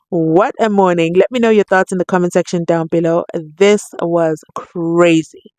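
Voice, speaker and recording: Excitable woman vlogger. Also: on the low side, normal speed, few pauses, no room sound. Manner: excitable, exclaiming, playacting quotes. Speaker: commentary vlogger. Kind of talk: animated reaction commentary.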